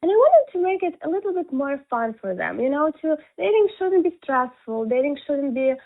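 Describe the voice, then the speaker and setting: A woman's voice: sits high, sing-song, a little fast. A young woman from Ukraine with a Ukrainian accent, chatting as an interview guest in loose, laughing talk. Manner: chatty, laughs often, loose non-native phrasing. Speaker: guest, content creator. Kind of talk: casual interview chat. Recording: narrow phone-like call audio.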